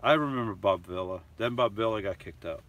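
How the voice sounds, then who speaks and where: A man's voice: fairly low pitch, brisk, a bit bright. A man hosting a live stream from a camper van, reading viewer comments aloud and chatting about them in a loose, rambling way.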